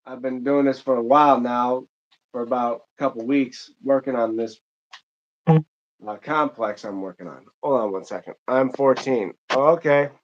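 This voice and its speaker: Casual man from Michigan, mid-pitched, rambling streamer chat, dull lo-fi mic. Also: a little slow. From Michigan, United States. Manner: rambling, chatty, many fillers and restarts. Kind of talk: casual live-stream chat while gaming.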